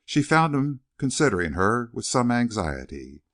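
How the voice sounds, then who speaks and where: A man narrating a western novel in an expressive storytelling manner, recorded close to the mic. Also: medium pitch, normal speed, no echo. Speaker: audiobook narrator.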